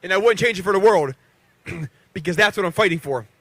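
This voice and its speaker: A man's voice: high-pitched, fairly quick, fairly bright tone, no room sound. A man in his thirties from western Pennsylvania, a professional boxer giving a rousing rally speech with call-and-response to the crowd. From Beaver County, Pennsylvania.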